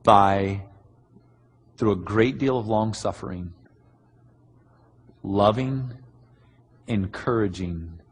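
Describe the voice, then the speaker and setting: A man preaching a sermon, answering written questions earnestly and bluntly with many pauses. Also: low voice, slight background noise. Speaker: pastor. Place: large church hall. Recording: long hall reverb.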